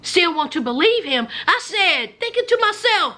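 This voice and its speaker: A woman's voice: extremely high pitch, sing-song, normal speed, pushed and bright. Dramatic woman telling a story. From rural Virginia. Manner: dramatic storyteller addressing viewers as friends, drops to whispers. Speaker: vlogger. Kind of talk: storytime vlog.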